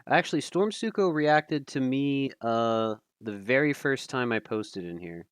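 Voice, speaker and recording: A man casually commentating a live stream, thinking aloud with fillers, self-deprecating and quick to laugh. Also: medium pitch, expressive, clean tone, no echo, studio quality.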